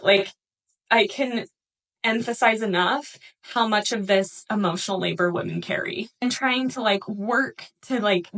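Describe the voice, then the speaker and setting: A mother in her thirties talking to camera in a personal vlog, upset and crying, halting with many fillers. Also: a little high, fairly bright tone. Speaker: vlogger.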